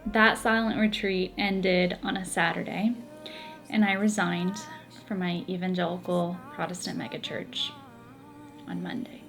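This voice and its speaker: A woman's voice: on the low side, fairly even intonation, unhurried, creaky, a bit bright, faint music behind. A woman giving an earnest, emotional personal testimony, building her story with repeated phrases. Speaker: Catholic convert telling her story.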